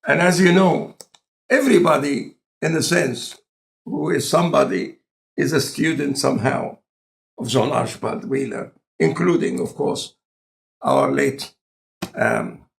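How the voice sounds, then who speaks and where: A man with an Egyptian accent and a non-native speaker of English, talking in a relaxed, conversational lecture style with deliberate, halting phrasing. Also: fairly high pitch, vocal fry. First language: Arabic. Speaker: scientist in conversation.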